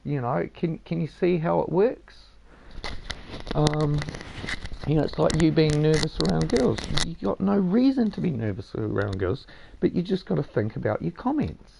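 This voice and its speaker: A man's voice: fairly high pitch, lively intonation, normal speed, creaky, a little mellow, slight background noise. A man streaming a game, casually lecturing his listener in a rambling, swearing way with lots of "mate". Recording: dull lo-fi sound.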